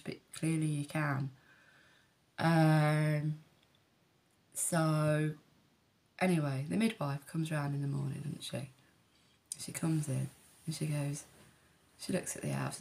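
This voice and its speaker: Blunt gravelly-voiced woman. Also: low voice, normal speed, darkish tone. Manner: candid, blunt, swears freely, rambling asides. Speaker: vlogger. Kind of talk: personal storytelling to camera.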